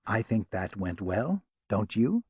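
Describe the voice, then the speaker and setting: A man reading a gentle, bookish young woman. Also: on the low side, big pitch swings, slow, husky, no echo, full character voice.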